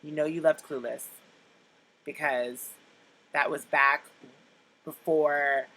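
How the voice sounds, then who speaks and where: A woman's voice: low-pitched, steady tone, slow, bright, forceful tone, rough recording. A woman in her late twenties chatting casually to camera, nostalgic and rambling as she talks. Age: late 20s. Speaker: vlogger.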